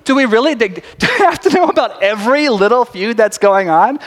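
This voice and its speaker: A man with a high voice preaches a sermon, fast and conversational, breaking off his own sentences as he goes. His words ring out with the long reverb of a large church sanctuary. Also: expressive. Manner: fast, chatty and self-interrupting, often laughing. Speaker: pastor. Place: church sanctuary before a congregation.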